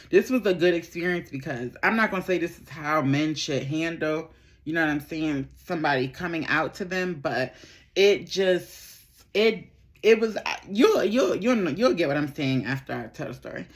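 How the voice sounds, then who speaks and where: A woman's voice: low-pitched, a bit bright. A young woman, telling a candid storytime, chatty, swearing freely and repeating her phrases. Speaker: vlogger. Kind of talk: casual storytime while doing makeup.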